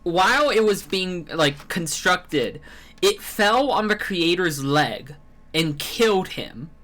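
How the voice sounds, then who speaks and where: A man's voice: high voice, expressive, slow pace, sharp tone. A man telling a rambling story on a live stream while eating pizza. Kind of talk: casual stream chat.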